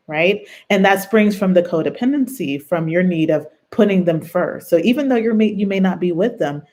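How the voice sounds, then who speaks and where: An earnest self-help host speaks in a mid-range voice that is neither high nor low. The delivery is reflective and conversational, drawing on lived experience and often turning to the listener with a quick check-in. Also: darkish tone. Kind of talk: personal advice talk on abuse and trauma bonds.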